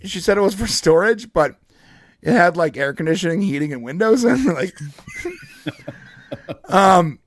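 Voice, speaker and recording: A man's voice: high-pitched, lively intonation, measured pace, pauses often. A man co-hosting a podcast, telling a long rambling neighborhood story in casual chat, with frequent restarts and laughs. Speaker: podcast co-host.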